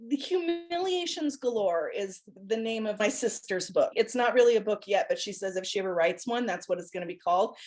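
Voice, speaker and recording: A woman co-hosting a podcast, telling a story in an animated, laughing way with many restarts. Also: a little high. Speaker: podcast co-host. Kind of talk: casual storytelling chat.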